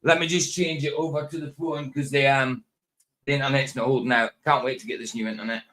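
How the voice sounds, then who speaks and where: A man's voice: medium pitch, little pitch movement, fairly quick, a bit bright. Chatty man hosting a stream. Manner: chatty, repetitive greetings to viewers. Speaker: livestream host. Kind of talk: casual live-stream chat.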